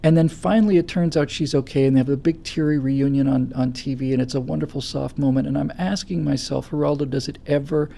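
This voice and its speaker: A man hosting a political talk show, giving impassioned commentary with stammering restarts that build to loud, forceful stretches. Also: a little high, fairly even intonation, fast talker, gravelly, few pauses. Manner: forceful, stammering restarts, rising to near-shouting. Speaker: show host.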